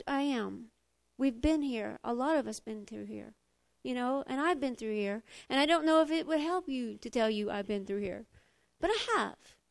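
A woman preaches with a high, bright-pitched voice, close to tears. She is expressive and confessional, swinging from loud declarations to hushed admissions. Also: gravelly. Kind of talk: emotional sermon.

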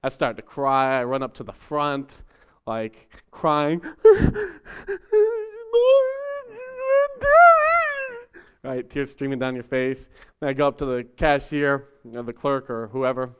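A man preaching a sermon in a relaxed, conversational way, acting out voices as he tells stories. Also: medium pitch, normal speed, clear, resonant tone, highs cut off. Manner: conversational, animated storytelling with acted voices. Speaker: pastor.

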